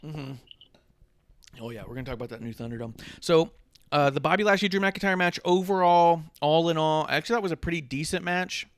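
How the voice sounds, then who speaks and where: A man's voice: a little high, fairly quick, dry recording, clean studio sound. A man co-hosting a podcast, chatting casually about wrestling in rambling, joking, profane banter. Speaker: podcast co-host. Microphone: podcast microphone.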